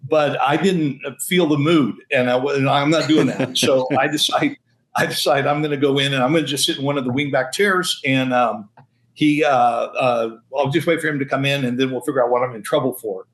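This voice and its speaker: A man in his sixties, a senior pastor, telling a story in an interview, animated, chuckling and restarting often. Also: medium pitch, fairly quick, rough recording.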